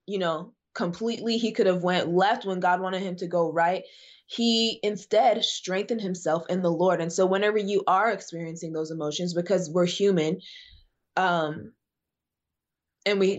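A woman with a lowish voice preaches as a podcast's guest evangelist, hammering home her message by repeating phrases emphatically. The highs in the recording are cut off.

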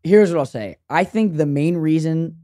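A man's voice: a little high, lively intonation, moderate pace, dark tone, dry recording, clean studio sound. A young American man in his twenties co-hosting a podcast, talking in a rambling, self-correcting way and laughing often. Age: 20s. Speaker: podcast co-host. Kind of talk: casual chat.

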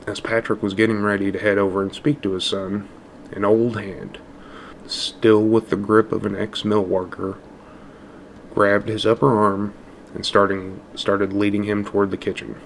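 A man narrating a dark story in a measured, even storytelling manner. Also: lowish voice, gravelly, a little hiss or hum.

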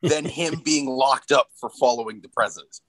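A man's voice: mid-range voice, moderate pace, a bit bright, dry recording, poor audio. A man who is a stand-up comedian co-hosting a podcast, teasing and blunt in casual comedic chat.

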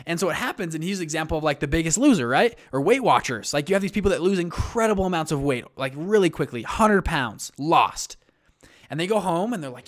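A young man giving a casual, rambling motivational talk about entrepreneurship, acting out what people say in lively voices. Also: a little high, fast talker. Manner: rambling, acts out quotes in animated voices. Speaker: entrepreneur sharing advice.

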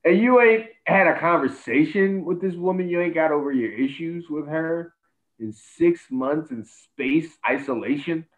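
A man's voice: a little high, normal speed. A man in casual chat, adding wry, sarcastic comments about a TV episode. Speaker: podcast co-host. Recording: tinny phone-like line.

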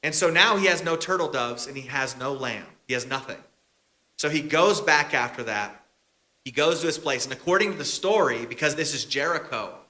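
Bright-voiced male pastor telling a story. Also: medium pitch. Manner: casual, chatty, bantering with the congregation. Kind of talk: storytelling sermon.

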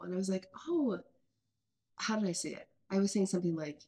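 A woman's voice: medium pitch, lively intonation, a little fast, dark tone. Earnest woman in her thirties. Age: mid-30s. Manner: earnest, thinks aloud with many restarts. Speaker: podcast host. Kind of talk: casual parenting podcast chat.

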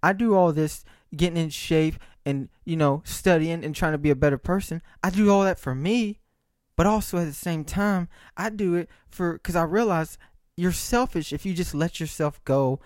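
A man's voice: fairly high pitch, moderate pace, a little mellow, no room sound, studio quality. A man talking to camera in a rambling, profane monologue, checking in with frequent "right?" asides. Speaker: vlogger.

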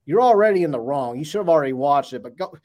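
A man co-hosting a sports podcast, talking excitedly about recruits with joking trash talk and rapid bursts. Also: a little high. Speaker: podcast co-host.

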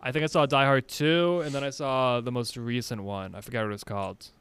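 Man, casual movie chat, relaxed, smooth resonant voice, mid pitch. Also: a little fast.

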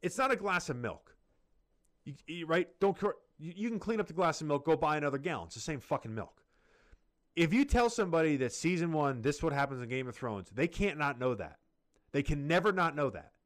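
A man's voice: on the high side, animated, a little fast. A man co-hosting a casual chat, ranting heatedly and swearing often.

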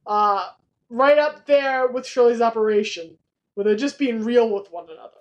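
A woman's voice: fairly high pitch, normal speed. Enthusiastic woman podcast co-host. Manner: enthusiastic, laughs often. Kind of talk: casual podcast chat.

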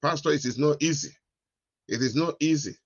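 A man's voice: a little high, fairly quick, husky, no room sound, lo-fi sound. A preacher voicing a bitter, wronged woman from his congregation, complaining insistently. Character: bitter, wronged middle-aged woman churchgoer.

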